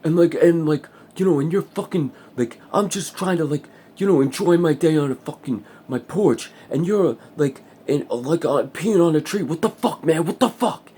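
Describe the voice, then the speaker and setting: A man voicing an indignant neighbor who yells at him, pitched far above his own voice. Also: normal speed, few pauses, slightly rough. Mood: angry yelling. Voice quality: yelling, indignant. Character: angry shouting neighbor man.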